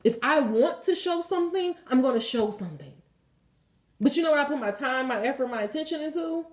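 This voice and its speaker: A woman's voice: sits high, expressive, a little fast, reverberant. A woman tarot reader giving a blunt, emphatic spiritual pep talk and leading affirmations, swearing freely.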